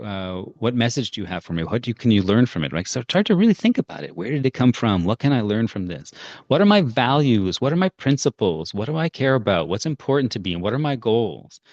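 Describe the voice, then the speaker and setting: A man's voice: mid-range voice, a little mellow, no echo, dull audio. A man presenting a parenting workshop in a casual, chatty way, full of fillers like "like" and "right?". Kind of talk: casual guided workshop talk.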